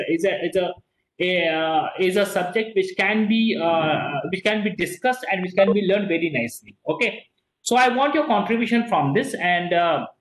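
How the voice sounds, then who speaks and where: A lecturer teaching an online class, talking in a halting way with frequent fillers and restarts, and reading example sentences slowly with stress. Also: mid-range voice, roomy sound, poor audio.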